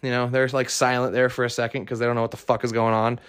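A man's voice: mid-range voice, little pitch movement, fast, a bit bright, smooth. A young man hosting his own podcast, talking alone in a casual, blunt and heavily profane rant. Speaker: podcast host.

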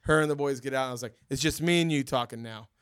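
A man hosting a podcast, telling a story in casual chat, animated and acting out the voices in it. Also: mid-range voice, fast talker, smooth, no room sound, clean studio sound. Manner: animated, acts out quoted voices, laughs often. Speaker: podcast host.

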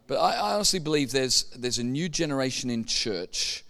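A man's voice: mid-range voice, lively intonation, normal speed, a bit bright. A man preaching a sermon, telling stories and building up to emphatic points. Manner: storytelling, building to emphatic peaks. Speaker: pastor.

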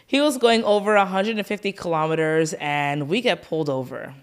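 A woman's voice: lowish voice, fairly quick, clean tone. A woman in her thirties co-hosting a casual chat, telling a story with animation and acting out the dialogue. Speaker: podcast co-host.

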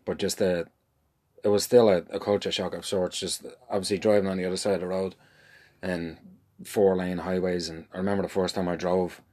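A man's voice: low voice, little pitch movement, brisk, a little mellow. A middle-aged man with an Irish accent, chatting casually and making dry, wry jokes. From Ireland. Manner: dry joking, wry asides. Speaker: podcast co-host, husband. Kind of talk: casual chat.

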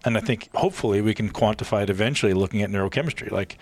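A man's voice: lowish voice, racing, darkish tone. A man from Canada, a podcast guest, talking casually and swearing freely as he acts out quoted voices.

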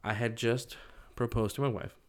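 A man's voice: mid-range voice, little pitch movement, moderate pace. A young man casually telling a personal story, loose and rambling, full of fillers.

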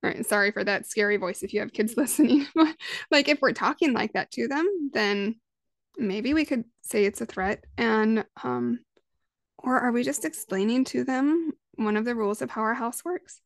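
Thirties woman, parenting podcast host, conversational and animated, highish voice, dry close mic. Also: normal speed, dry recording. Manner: conversational, lively, acts out quoted voices. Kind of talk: solo podcast monologue.

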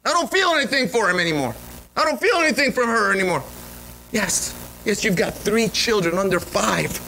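A man's voice: high voice, fairly quick, vocal fry, slight background noise, rough recording. A male pastor preaching a sermon, telling a story with lots of energy and frequent restarts. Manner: animated storytelling with repeated restarts. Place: church sanctuary.

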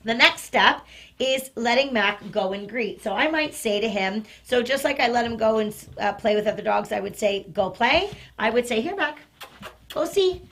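Woman dog trainer, bright tone, demonstrating outdoors, step-by-step explainer with quick asides to the dog. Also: fairly high pitch. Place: outdoors near a train station.

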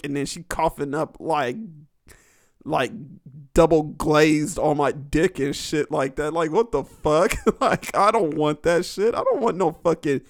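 A young man talks alone on his podcast, rambling crudely and laughing often between thoughts. His voice sits a little high. The sound is dry and close, with no room around it. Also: dry recording. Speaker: podcast host. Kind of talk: casual solo podcast storytelling.

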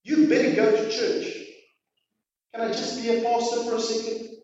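A pastor preaching a sermon, pushing hard on his exhortations and then dropping to quiet, dramatic lines. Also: very high voice, completely flat delivery, normal speed, soft background music. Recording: distant, echoey hall, dull sound.

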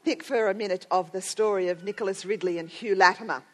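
A woman's voice: medium pitch, quick pace, fairly bright tone. A middle-aged woman giving a sermon to women, telling a story earnestly and building to strong emphasis. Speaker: speaker at a women's gathering.

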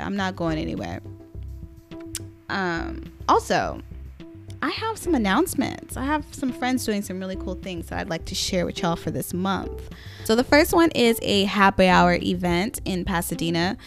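A young woman hosting a casual podcast, raspy and getting over a cold, chatty and casually swearing as she talks to her listeners. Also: mid-range voice. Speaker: podcast host.

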